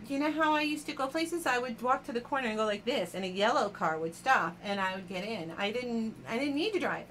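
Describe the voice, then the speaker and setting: A woman's voice: on the high side, fairly bright tone, slight background noise. A woman hosting a casual live jewelry auction stream, chatting with viewers by name and laughing often.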